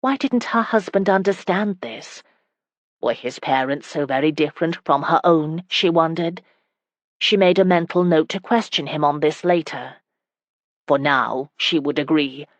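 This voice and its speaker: An audiobook narrator reading a historical romance in steady, even scripted narration. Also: medium pitch, a little slow, no echo.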